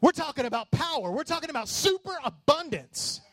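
Fiery high-voiced preacher. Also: male voice, expressive, fairly quick, no room sound. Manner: passionate, rising to shouts on key lines. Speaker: pastor. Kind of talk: sermon.

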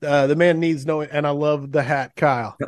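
A man's voice: on the high side, fairly even intonation, normal speed. A man hosting a podcast, reading guest introductions and sponsor plugs in an upbeat, gushing way with small fillers. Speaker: podcast host. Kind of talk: show intro and sponsor reads.

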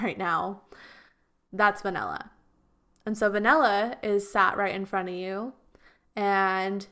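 A woman's voice: medium pitch, fairly bright tone. An earnest woman talking through a solo podcast episode as a relationship coach. She circles back over her points and sometimes slips into quoted voices to make them vivid. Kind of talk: reflective solo podcast talk.

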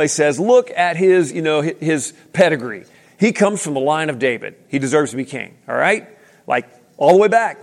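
A man preaching a sermon in a casual, animated way, with slang and restarts. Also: high voice. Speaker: pastor. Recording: long hall reverb.

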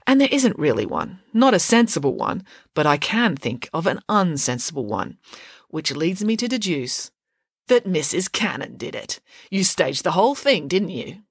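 A woman's voice: fairly low pitch, very animated, moderate pace, no room sound, clean studio sound, heavily acted. A woman voicing a clever, precise schoolgirl detective who reasons step by step. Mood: deductive. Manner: crisp, logical, deducing step by step.

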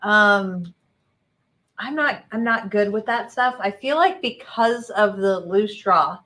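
A woman talking as a guest on her husband's show in a relaxed, easygoing and slightly hesitant way. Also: medium pitch, slow, rough recording. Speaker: guest, host's wife. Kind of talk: casual chat.

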